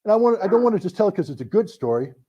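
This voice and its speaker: A middle-aged man telling a story to an audience, animated, acting out the voices in his anecdotes. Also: high-pitched, racing, slightly rough. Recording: dull lo-fi recording.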